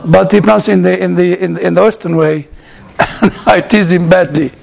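A man's voice: sits high, fairly even intonation, fairly quick, creaky, a little mellow. A man with a non-native English accent telling humorous stories to an audience, chuckling often and repeating words. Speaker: speaker addressing an audience. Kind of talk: humorous storytelling talk. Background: audience laughter.

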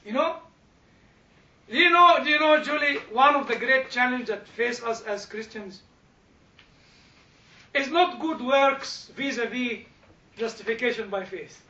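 A man's voice: very high-pitched, unhurried, pauses often, bright, forceful tone. A man leading an informal teaching talk for a church group, speaking animatedly, repeating words, chuckling and addressing listeners directly. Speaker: church discussion leader. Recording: echoey room, distant mic, dull sound.

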